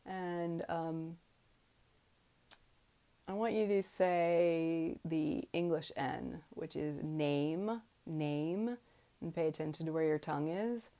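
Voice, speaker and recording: A woman teaching mantra pronunciation in a slow, guided lesson, patiently demonstrating each vowel and consonant aloud. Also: fairly low pitch, darkish tone.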